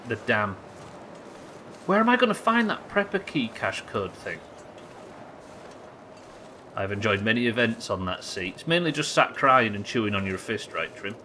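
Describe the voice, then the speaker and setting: Bright-voiced Yorkshire streamer, swearing. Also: male voice, lowish voice, a little hiss or hum. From Yorkshire, England. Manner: sweary, joking, chatty with viewers. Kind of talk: casual live-stream gameplay chat.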